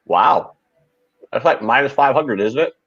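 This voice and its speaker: A man's voice: medium pitch, lively intonation, unhurried, a bit bright, breathy edge, dry recording. A man on a betting panel, chatty and storytelling, with mild swearing. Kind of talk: casual sports betting chat. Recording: dull lo-fi mic.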